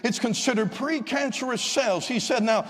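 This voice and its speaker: A man, a visiting evangelist, telling a story in a fervent revival sermon that rises to shouts of praise, recorded in a church. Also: high voice, animated, a little fast. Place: church sanctuary. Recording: long church-hall reverb.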